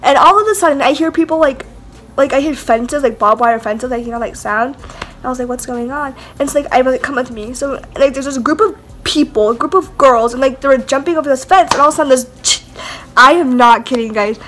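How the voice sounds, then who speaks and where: A woman's voice: high-pitched, a little fast, fairly bright tone. A young woman vlogger telling a rambling story in casual chat, full of "like" and "whatever". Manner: rambling, heavy use of "like" and "whatever".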